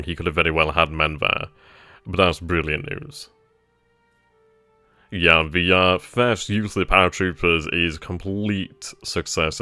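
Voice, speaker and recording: A low-pitched man talks through his moves in a war strategy game, pausing and restarting as he thinks, then erupting with delight when things go his way. His voice has a bright, forceful edge, recorded dry and close, with faint music underneath. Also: smooth, dry recording. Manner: thinks aloud, bursts into giddy excitement. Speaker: let's play gamer.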